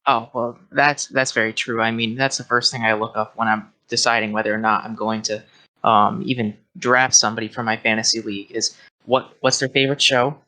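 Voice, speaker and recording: A man's voice: medium pitch, little pitch movement, fairly quick, sharp tone, rough recording. A man appearing as a podcast guest, chatting in a laid-back, rambling way with lots of fillers. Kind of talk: casual podcast chat.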